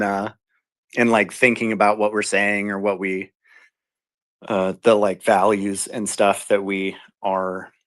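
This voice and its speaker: A man's voice: lowish voice, bright, forceful tone. A laid-back man in casual chat on a live audio space, who laughs often and fills his talk with likes.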